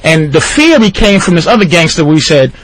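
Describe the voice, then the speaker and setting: A man telling a long story on a radio talk show, profane and animated, jumping into high shouting voices for the people he quotes. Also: a little fast, a little hiss or hum. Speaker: guest storyteller.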